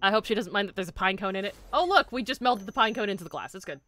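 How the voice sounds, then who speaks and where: A woman hosting a live stream, chatting casually and fast, giggling and swearing freely. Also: mid-range voice, expressive, a bit bright, no room sound, faint music behind. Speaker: streamer host.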